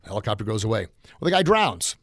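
A man's voice: lowish voice, big pitch swings, fast talker, a bit bright, no room sound, studio quality. A man hosting a motivational podcast, talking in a folksy, encouraging way with frequent filler words. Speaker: podcast host. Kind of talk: motivational talk.

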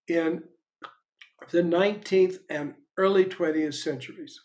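An older man speaking as a spiritual teacher, his voice sitting a little high for a man. He teaches in a frank, conversational way and drifts easily into stories, with thoughtful pauses between phrases. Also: darkish tone.

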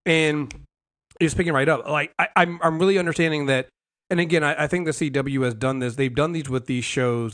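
A young adult man with a medium-pitched voice hosts a casual TV recap show as a podcast host. He talks in a lively, rambling way full of fillers and restarts.

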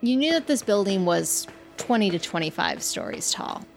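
A woman game master narrating a tabletop game in a measured, descriptive way. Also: medium pitch, sing-song, gravelly, faint music behind. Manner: measured, descriptive scene-setting.

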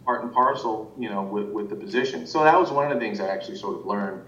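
A man's voice: fast, fairly bright tone, distant mic. A man working as an animation director, talking casually in an interview, rambling with many restarts and fillers. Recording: roomy, muffled sound from off-mic with faint rumble.

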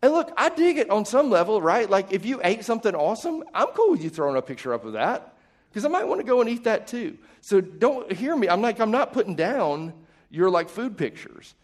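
A pastor with a slightly high voice delivers a relaxed, chatty sermon to a live congregation. He jokes at his own expense, uses plenty of fillers, and keeps turning to ask his listeners questions. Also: a little fast. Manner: casual and self-deprecating, filler-heavy, asks the listeners questions.

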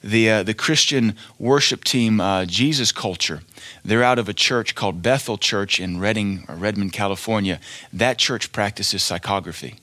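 A man's voice: on the low side, moderate pace, pushed and bright, no echo. A male preacher giving a fiery sermon, blunt and scornful, hammering each point with emphatic declarations.

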